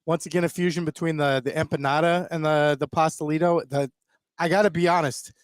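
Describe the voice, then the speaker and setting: A man with a slightly higher voice chats about food in a relaxed way. He restarts his phrases now and then. The sound is dry and close. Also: a little fast, clear, resonant tone, no room sound. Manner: relaxed, chatty, with small restarts. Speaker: guest food reviewer. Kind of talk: casual on-air chat.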